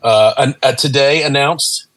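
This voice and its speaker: A man's voice: mid-range voice, measured pace, a bit bright, no room sound, rough recording. Man, podcast co-host, casual joking chat, dry close sound. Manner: joking, chatty, with laughs. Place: home room with family nearby. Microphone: video call.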